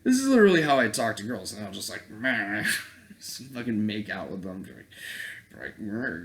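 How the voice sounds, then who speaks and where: A man vlogging as a dating coach in a casual, profane rant, blunt and breaking into laughing asides. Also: fairly low pitch.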